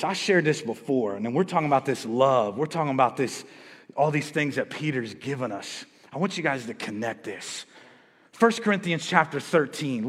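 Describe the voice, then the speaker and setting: A man preaching a sermon as pastor, energetic and joking with his congregation. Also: mid-range voice, breathy edge. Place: church sanctuary. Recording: reverberant church hall.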